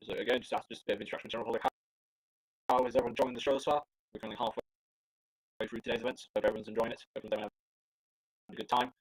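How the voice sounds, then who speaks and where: A man's voice: medium pitch, level tone, racing, long pauses, husky, rough recording. A man with a Scottish accent giving live air show commentary, chatty and joking, rambling with frequent restarts.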